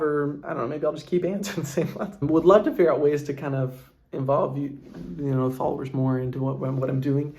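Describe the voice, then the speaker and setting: A young father answers viewer questions in a casual vlog, sounding earnest and heartfelt as he rambles with lots of fillers. His voice is fairly high, creaky, and darkish in tone.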